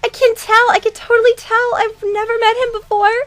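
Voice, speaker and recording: A woman voicing a giddy young fangirl in a video game playthrough, gushing in breathless, shrill squeals. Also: little pitch movement, a little fast, fairly bright tone. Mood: starstruck.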